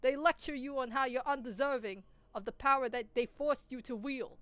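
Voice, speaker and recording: Woman imitating an old firebrand senator, nasal, emphatic speechmaking, a bit high for a man. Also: a little fast, fairly bright tone, no echo. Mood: indignant. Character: ranting older male senator, populist fervor.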